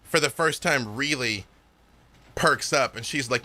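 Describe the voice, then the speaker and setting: A man narrating a tabletop game as game master, playful and animated. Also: mid-range voice, measured pace.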